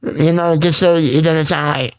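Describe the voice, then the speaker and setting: A man's voice: a little high, steady tone, normal speed, clean tone. A man hosting a raw, unscripted solo podcast, rambling and repeating himself with lots of fillers and restarts. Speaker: podcast host.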